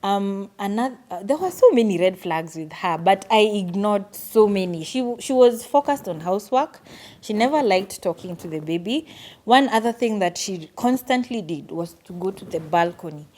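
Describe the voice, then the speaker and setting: A woman's voice: mid-range voice, normal speed. Young woman telling a story. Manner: earnest, animated retelling with quoted asides. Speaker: vlogger. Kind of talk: storytime vlog.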